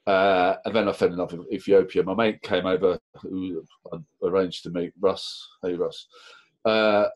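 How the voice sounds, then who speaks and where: A middle-aged man telling anecdotes in a casual, lively interview, acting out quotes. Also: low-pitched, moderate pace. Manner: lively, animated anecdotes with laughs and acted-out quotes. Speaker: interview guest. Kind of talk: casual storytelling.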